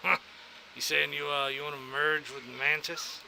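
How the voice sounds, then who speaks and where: A man's voice: a little high, flat delivery, moderate pace, gravelly, pushed and bright, a little hiss or hum, rough recording. A man in casual in-character role-play as a veteran contact, easygoing and fatherly.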